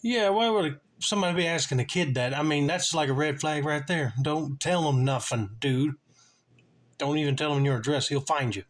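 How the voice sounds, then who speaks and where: A man's voice: on the high side, fast talker, hardly any pauses, a bit bright. Chatty man reacting casually. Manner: casual, chatty, with fillers and laughs. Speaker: reaction video host. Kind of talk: casual commentary.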